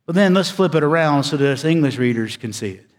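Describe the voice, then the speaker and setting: Man preaching in a reverberant church hall. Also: expressive. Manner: preaching with dramatic pauses, swings between loud emphasis and hushed low delivery. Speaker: pastor. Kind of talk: sermon.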